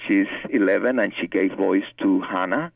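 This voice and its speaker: Cuban-accented male novelist, low gravelly voice, earnest and halting, on a far-off phone line. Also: dry recording. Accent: Cuban Spanish. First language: Spanish. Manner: earnest, repeats words while searching for English. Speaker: novelist guest. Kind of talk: interview conversation. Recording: tinny phone line, distant from mic.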